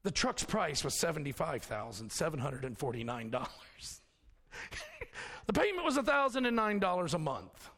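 A man's voice: on the high side, wildly swooping pitch, moderate pace, fairly bright tone, long reverb tail. A man preaching a sermon in a folksy storytelling manner, mixing scripture with personal stories. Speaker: pastor.

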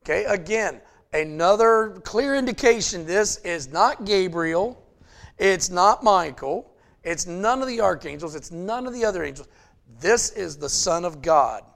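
A man preaching a sermon in a conversational way, checking in with "okay?" and building up to loud, emphatic passages. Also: sits high, expressive, a little slow, vocal fry. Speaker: pastor.

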